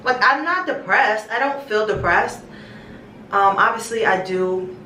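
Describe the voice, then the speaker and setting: A woman's voice: medium pitch, fairly bright tone, slight background noise. A young woman vlogging in a small bathroom, chatting to her viewers in a rambling, affectionate way and calling them her babies. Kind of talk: casual chat to camera. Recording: echoey bathroom, distant mic.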